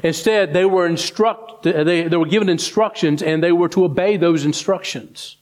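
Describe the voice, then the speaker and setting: Guy preaching, kinda high voice, goes up fast when he's mocking whiners then slows way down low on the bible bits. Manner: rises high and quick in mock complaints, drops low and slow on scripture. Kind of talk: sermon.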